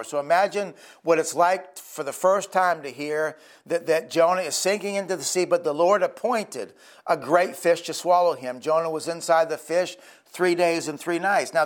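Earnest preacher, higher-pitched man. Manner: earnest, conversational storytelling. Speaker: pastor. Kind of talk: sermon.

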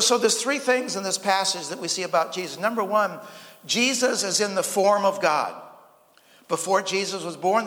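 High-voiced pastor in a reverberant hall. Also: male voice, fairly bright tone. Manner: folksy, repeats words, tells light jokes. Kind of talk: sermon. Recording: long reverb of a church hall.

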